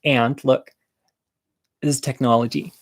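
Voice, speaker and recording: A man tells a comic personal story in a casual monologue, with a mid-pitched voice. He is campy and candid, and he makes fun of himself. He keeps turning to the viewer with chatty asides. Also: fairly even intonation, unhurried. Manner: campy, candid and self-deprecating.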